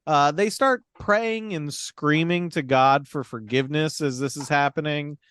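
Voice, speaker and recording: Smooth-voiced man recapping a film wryly. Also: a little high, unhurried, fairly bright tone. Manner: wry, profane storytelling with many fillers. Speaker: podcast co-host. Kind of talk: casual movie recap.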